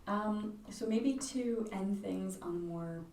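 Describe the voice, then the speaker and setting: A woman's voice: mid-range voice, takes it slowly, dark tone. A woman co-hosting a podcast, chatting casually about a book and retelling scenes. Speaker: podcast co-host. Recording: echoey room, distant mic, faint noise.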